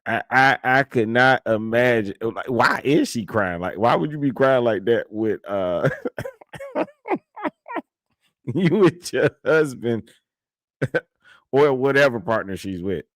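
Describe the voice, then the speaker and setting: A man's voice: mid-range voice, unhurried, fairly bright tone, no echo. Give me a man doing blunt, laughing reaction commentary, recorded dry and close. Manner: blunt, incredulous, laughs often.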